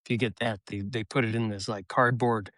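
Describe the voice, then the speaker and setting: A man co-hosting a casual podcast chat, talking in a relaxed, measured way with many fillers. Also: lowish voice, no room sound, clean studio sound. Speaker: co-host.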